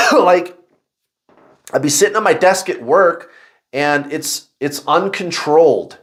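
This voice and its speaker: Slow-talking, animated man confiding to viewers. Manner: animated, exclamatory storytelling with sudden high outbursts. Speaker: spiritual video host. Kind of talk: casual confessional monologue to viewers.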